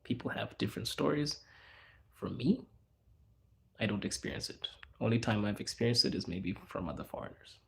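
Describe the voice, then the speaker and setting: A man from Zimbabwe hosting a casual livestream, chatting loosely with viewers and answering their questions in a relaxed, slangy, rambling way. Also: medium pitch, normal speed, creaky. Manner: relaxed, slangy, rambling with fillers and self-corrections. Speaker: livestream host.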